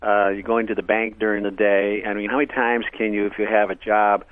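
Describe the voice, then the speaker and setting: An older man, a real estate investor, telling animated stories in casual chat, loud when quoting people. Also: fairly low pitch, fairly quick, dry recording. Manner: animated anecdotes, voices quotes loudly. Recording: tinny phone-like radio broadcast.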